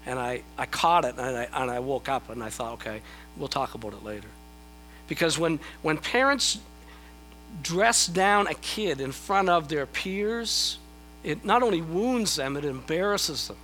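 Here the same kind of middle-aged pastor preaches conversationally, poking fun at himself and repeating words as each thought gets going. His voice sits on the high side, pushed and bright, expressive and unhurried, and the low-quality recording carries a little hiss or hum.

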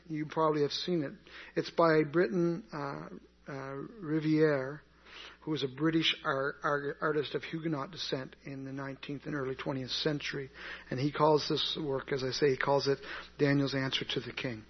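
Husky-voiced man teaching a Bible class. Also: a little high. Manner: conversational, asks the group questions and answers them. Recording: dull lo-fi recording.

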